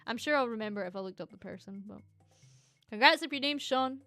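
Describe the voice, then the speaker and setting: A Scottish woman streamer chatting casually and reading viewer comments, excitable and teasing, swearing freely. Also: on the high side, quick pace, no room sound, soft background music.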